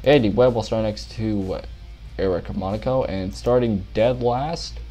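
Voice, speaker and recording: A man's voice: on the low side, unhurried, warm tone, soft background music. Breathless young man doing pretend race commentary. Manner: tired, rambling, stumbles over names.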